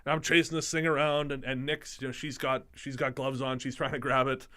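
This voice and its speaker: A man's voice: medium pitch, level tone, a little fast, sharp tone. A man co-hosting a podcast, telling stories in casual chat with dry jokes. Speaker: podcast co-host.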